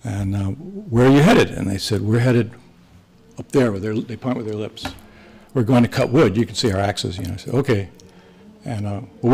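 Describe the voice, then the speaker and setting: In poor audio, a medium-pitched, darkish male voice shares mission stories. He's an older retired missionary priest leading a Sunday school class, wandering through anecdotes and performing the characters' lines in different voices.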